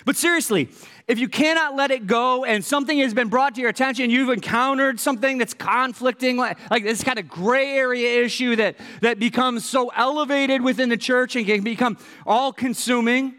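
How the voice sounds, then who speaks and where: A man's voice: very high voice, moderate pace, hardly any pauses, sharp tone, long reverb tail. A man preaching a sermon as pastor, earnest, repeating key phrases for emphasis, with wry asides.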